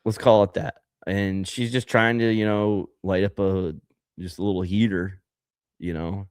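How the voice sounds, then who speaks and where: Guy with a lowish voice ranting on a podcast, rambly, lots of likes, dry close mic. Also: level tone, a little slow, clean tone, no room sound. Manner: rambling, ranting, laughs often, many fillers. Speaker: podcast co-host. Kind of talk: casual podcast chat.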